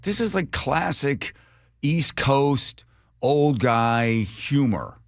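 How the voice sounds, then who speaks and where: A man's voice: mid-range voice, animated, extremely slow, dry recording, clean studio sound. A male radio talk show host giving casual, wry commentary with sarcastic asides.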